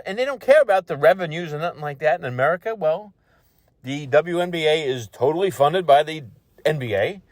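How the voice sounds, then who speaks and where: A man's voice: on the high side, no room sound, clean studio sound. A man hosting an opinion show, ranting bluntly and sarcastically about a news story. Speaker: show host. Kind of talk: opinion commentary.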